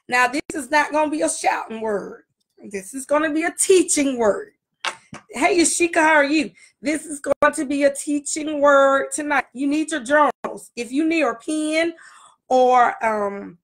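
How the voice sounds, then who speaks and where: A woman pastor opening a casual livestream teaching, greeting viewers by name and repeating her phrases. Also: high-pitched.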